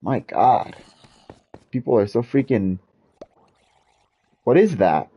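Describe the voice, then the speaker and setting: A man's voice: mid-range voice, very animated, slow, husky, dull audio. A man streaming a game while venting in a frustrated, repetitive rant. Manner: frustrated ranting, repetitive, swears mildly. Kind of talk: casual gaming stream rant.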